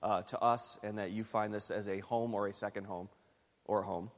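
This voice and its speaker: A man's voice: on the low side, fairly even intonation, moderate pace, long reverb tail. A man from Western New York preaching a sermon, telling a story in a chatty, self-deprecating way with frequent restarts. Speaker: pastor.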